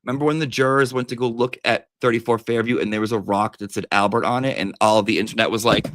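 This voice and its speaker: A man hosting a casual livestream chat, talking in a chatty, profane way with big swings in pitch. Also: fairly even intonation, quick pace, few pauses, fairly bright tone, no room sound. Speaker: livestream host.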